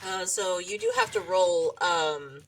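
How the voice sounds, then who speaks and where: A woman running a tabletop game as game master, laid-back and giggly, with fillers and halting pauses. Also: fairly low pitch, fairly bright tone, distant mic, slight background noise, rough recording.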